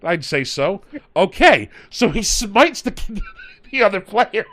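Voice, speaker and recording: Male podcast host, storyteller, animated delivery. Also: high-pitched, takes it slowly. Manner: animated, retells players in quoted voices. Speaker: podcast host and game master. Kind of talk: storytelling in casual chat.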